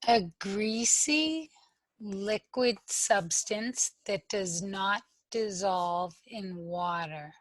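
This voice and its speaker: A woman student reading slowly and carefully on a video call. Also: mid-range voice, no echo. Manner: reads slowly, sounding words out.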